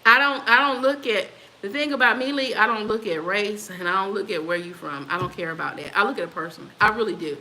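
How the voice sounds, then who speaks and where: A woman's voice: mid-range voice, a little fast, sharp tone, poor audio. A woman in her fifties hosting a casual livestream, reading viewer comments aloud and answering them with frequent laughter. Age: 50s. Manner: laughs often, talks back to commenters. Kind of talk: casual chat.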